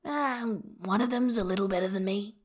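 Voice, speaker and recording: A woman voicing a gruff but gentle grown man who speaks plainly with a dry, wry edge. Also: medium pitch, fairly quick, close to an everyday voice. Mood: wry fond.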